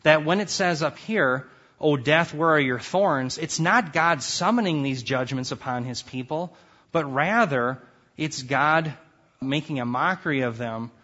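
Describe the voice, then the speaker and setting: A man's voice: a little high, a little slow, sharp tone, lo-fi sound. A man teaching a lecture class on scripture, reading verses aloud with rising force and emphasis. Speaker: Bible teacher.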